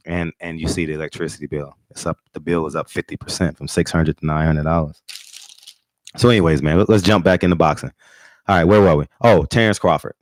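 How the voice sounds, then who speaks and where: Man, deep low voice, boxing talk host, brash and boastful, profane, halting restarts, dry close sound. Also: no room sound. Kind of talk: casual livestream talk.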